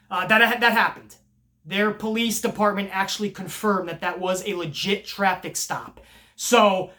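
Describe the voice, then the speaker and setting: A man talking off the cuff about wrestling in a vlog, swearing freely. He rambles, restarts his sentences and jumps from point to point in loose, animated talk. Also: high-pitched. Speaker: wrestling commentary vlogger. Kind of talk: casual unscripted vlog commentary.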